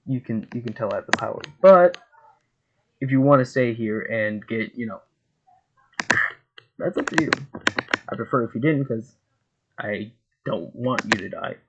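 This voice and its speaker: A man voicing a brash, cocky young male pirate captain who shouts excitedly, then talks smugly, over a noisy home recording. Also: medium pitch, moderate pace, long pauses, muffled recording, natural voice.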